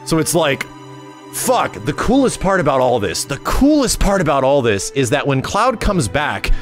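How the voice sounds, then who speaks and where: An excitable man rattles through a game recap, swearing and humming the music, his voice leaping all over the place. A soft bed of music plays behind him. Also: on the high side, moderate pace. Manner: excitable and profane, with lots of fillers and sung hums. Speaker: gaming channel host.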